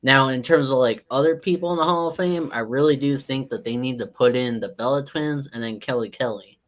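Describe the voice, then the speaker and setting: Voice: mid-range voice, a little fast. A panelist chatting casually, joking and mimicking other people's voices. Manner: lively, mimics voices, jokey. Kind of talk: casual chat.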